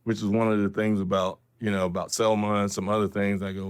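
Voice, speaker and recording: A man speaking in a relaxed, conversational way in an interview clip. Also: lowish voice, fast talker, few pauses, smooth.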